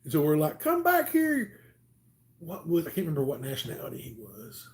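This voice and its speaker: Mellow Southern man telling stories. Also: a little high, fast talker. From Alabama, US. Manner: rambling, chatty, many "um"s. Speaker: channel host. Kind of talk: casual livestream storytelling.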